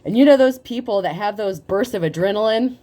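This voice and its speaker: A woman giving a casual tarot reading, talking in a profane, animated way and laughing often. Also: medium pitch, brisk. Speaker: tarot reader.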